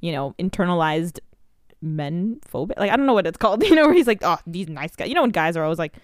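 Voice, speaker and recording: A woman's voice: lowish voice, animated, fast, smooth, dry recording, studio quality. A woman co-hosting a podcast, chatting casually and offhandedly about a movie. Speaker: podcast co-host. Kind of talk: casual chat movie review.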